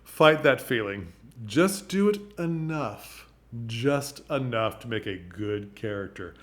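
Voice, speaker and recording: A man's voice: medium pitch, expressive, slow. A man giving casual, emphatic advice on stage acting to camera, often stopping to check in with the listener. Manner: emphatic, keeps checking in with "okay?". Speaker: theatre acting teacher. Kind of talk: casual teaching talk to camera.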